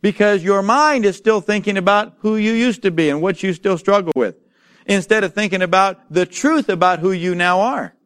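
A man with a rather high voice preaches a sermon with strong emphasis. He often asks the congregation to respond and slows down when reading scripture aloud. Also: a bit bright.

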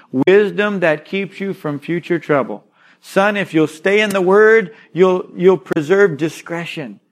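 Preaching man with a higher voice. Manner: expository preaching, quotes scripture and addresses "son" with emphatic pauses. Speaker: pastor. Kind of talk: sermon.

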